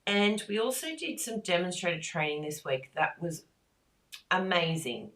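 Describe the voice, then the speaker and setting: A woman hosting a casual crafting live stream, chatty and easily excited. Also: fairly low pitch, a little slow. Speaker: crafting livestream host.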